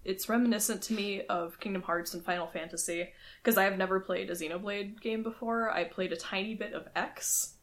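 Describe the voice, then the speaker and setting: A woman's voice: mid-range voice, fairly even intonation, a little fast, fairly bright tone. Woman cohosting a podcast, chatty, laughs a lot. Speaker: podcast co-host. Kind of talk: casual chat.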